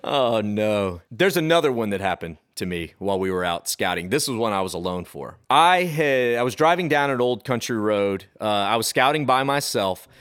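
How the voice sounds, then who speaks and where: A man with a somewhat low voice tells a ghost story as a podcast co-host. He rambles casually, circling back with fillers and half-finished phrases before landing each beat. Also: lively intonation, a bit bright, smooth. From Texas, Austin area. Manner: chatty, drawn-out, with fillers and restarts. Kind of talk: casual storytelling of a spooky true tale.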